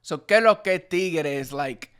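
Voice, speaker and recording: A man's voice: a little high, lively intonation, unhurried, a bit bright, smooth. A man from the Dominican Republic giving a casual video lesson as the channel's host, talking loosely with lots of "like" and "you know.". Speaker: Spanish teacher and channel host.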